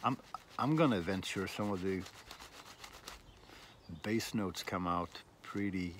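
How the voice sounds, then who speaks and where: Outdoors in a windy garden, a shaving vlogger with a lowish voice rambles slowly through casual chat, with a bit of wind audible. He laughs at himself, self-deprecating and restarting often.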